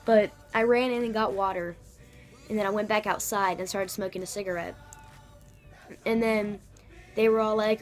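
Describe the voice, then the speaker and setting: A woman's voice: mid-range voice, fairly even intonation, normal speed, long pauses, faint music behind. A young woman vlogger telling a story in a chatty, slangy way with lots of fillers. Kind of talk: casual storytelling.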